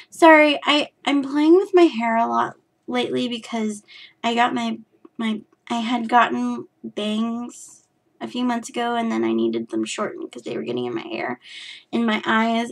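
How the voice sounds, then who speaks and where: A woman's voice: fairly high pitch, gravelly. A woman from California, hosting her knitting podcast in a rambling, self-deprecating chat full of fillers and restarts. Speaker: podcast host.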